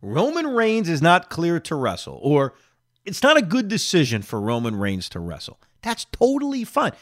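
Animated man with a lingering cough. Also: a little high, moderate pace, no echo, clean studio sound. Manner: animated, opinionated, talks to listeners directly. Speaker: podcast host. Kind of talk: solo reaction podcast.

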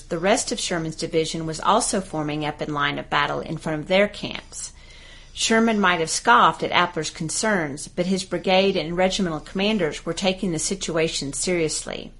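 A woman from Arkansas reading scripted historical narration in a steady, even storytelling manner. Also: on the low side.

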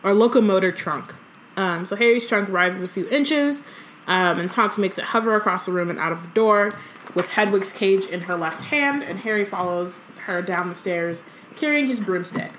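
A woman's voice: mid-range voice, normal speed, a bit bright. A woman co-hosting a podcast, reading a novel aloud and breaking off to comment and laugh. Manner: reads dialogue aloud with light voices, laughs often. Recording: echoey room with faint noise.

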